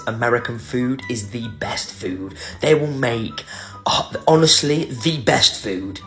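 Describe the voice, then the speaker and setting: A man speaking emphatically and warmly to camera in a casual vlog. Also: mid-range voice, slow pace, faint music behind. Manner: lively, warm-hearted and emphatic.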